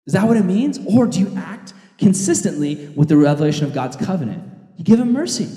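A man preaching a sermon in a loose, energetic storytelling way, recorded in a large hall. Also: high-pitched, brisk. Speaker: pastor. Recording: echoey hall reverb.

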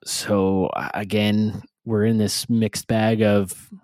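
A man's voice: fairly low pitch, flat delivery, slow pace, darkish tone, dry recording. A man co-hosting a casual podcast, reading news stories aloud with stumbles and joking asides.

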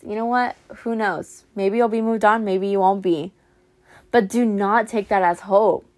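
A woman's voice: mid-range voice, darkish tone. A young woman vlogging heartfelt advice about letting go after a breakup, earnest and repetitive, calling the listener honey. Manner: earnest, repeats phrases for emphasis, calls listener honey. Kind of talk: emotional pep talk to camera.

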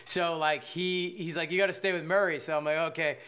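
A young man with a high, bright voice tells a long story in casual chat. His delivery is rambling and animated, full of filler words, and he keeps breaking into laughter. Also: fairly quick. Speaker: podcast co-host telling a story.

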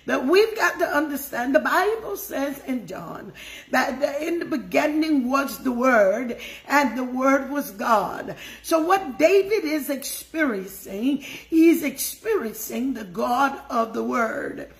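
Older woman preacher, high voice, slow and emotive delivery. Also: lively intonation. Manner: emotive, repeats phrases, greets viewers by name. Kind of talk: devotional sermon.

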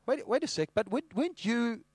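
A man's voice: extremely high pitch, expressive, fairly quick, darkish tone, no room sound, studio quality, pitched above the performer's own voice, exaggerated voice. A man voicing a suspicious, pushy bystander who fires off stammering questions. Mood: accusing.

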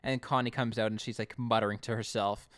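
A man casually recapping an episode as a podcast co-host, chatty and animated. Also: fairly low pitch, fairly quick, no room sound, clean studio sound. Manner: chatty, animated storytelling with acted quotes.

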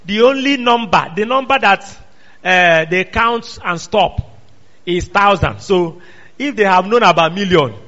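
A man preaching a sermon, quizzing his congregation with call-and-response questions and emphatic rising shouts. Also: sits high. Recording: dull sound in a reverberant hall.

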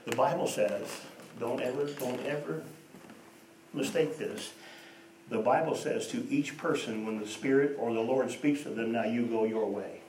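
A man preaching a sermon, telling stories and moving between hushed and emphatic delivery. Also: medium pitch, a little slow, slight background noise. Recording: echoey room, voice from a distance.

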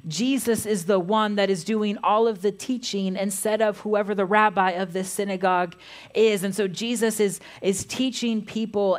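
A woman pastor giving a sermon, reading scripture aloud in a measured way. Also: mid-range voice.

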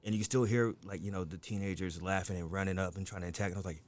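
A man with a low voice tells a rambling story in casual conversation. He swears freely and leans on "you know" and "like" as he talks. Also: fairly even intonation, rapid-fire, hardly any pauses, slight background noise. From United States. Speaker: storyteller in a group chat. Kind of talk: casual chat.

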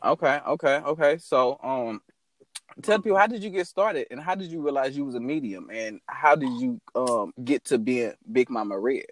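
A man's voice: medium pitch, expressive, moderate pace, no room sound. A man from St. Louis hosting his podcast in casual chat, loose, profane and slangy. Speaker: podcast host. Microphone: phone call recording.

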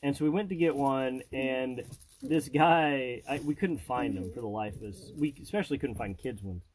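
A man in his thirties, a podcast host and father, telling stories in animated, casual chat, slipping into voices and laughing. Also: mid-range voice, normal speed, low-quality recording.

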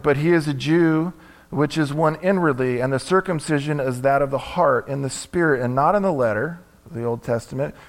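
A male pastor preaching a sermon, repeating key phrases for emphasis and dropping in casual asides. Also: medium pitch.

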